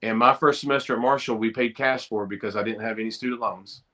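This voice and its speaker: Brief: middle-aged man, guest on a video call, bright forceful voice, animated storyteller. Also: lowish voice, fast talker. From Eastern Kentucky. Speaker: guest, former college football player. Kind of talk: storytelling in a podcast interview.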